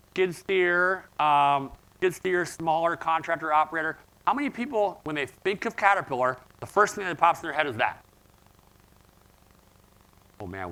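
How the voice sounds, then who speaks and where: A man's voice: on the high side, pushed and bright, rough recording. A man in his forties giving a conference keynote, telling stories and putting questions to the audience. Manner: storytelling, engaging audience with questions. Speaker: keynote speaker. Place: conference event room.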